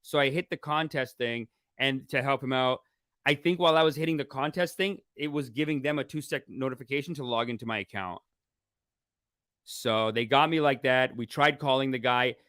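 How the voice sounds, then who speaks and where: A man, a spiritual teacher, chatting casually to his viewers in a live stream, animated and full of exclamations. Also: mid-range voice, normal speed, smooth, no room sound, clean studio sound. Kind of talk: casual livestream chat.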